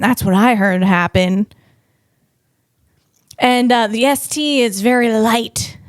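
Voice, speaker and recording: Woman, comedian, rambling playful monologue, slightly high voice, dry close sound. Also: dry recording. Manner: rambling, playful asides and riffs. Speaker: comedian host.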